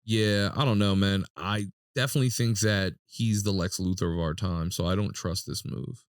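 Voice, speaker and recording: Jokey podcast dude, lowish voice, does bits, dry mic. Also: male voice, moderate pace, clean tone, dry recording. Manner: animated joker, acts out quotes in jumpy voices. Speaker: podcast co-host. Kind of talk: casual chat.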